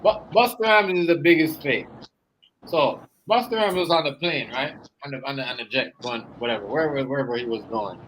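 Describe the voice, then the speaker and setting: A man swapping stories in loose, casual conversation, his voice sitting in an ordinary middle register. He talks with a lot of swearing and builds his tales with animated energy. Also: medium pitch, brisk, slight background noise, low-quality recording. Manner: animated, profane storytelling with laughs. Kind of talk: casual chat.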